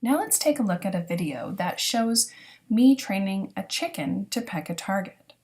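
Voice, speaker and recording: A woman giving a recorded lesson as a dog training instructor, explaining step by step in a clear, teaching manner. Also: medium pitch, lively intonation, normal speed, a little mellow. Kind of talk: recorded lecture narration.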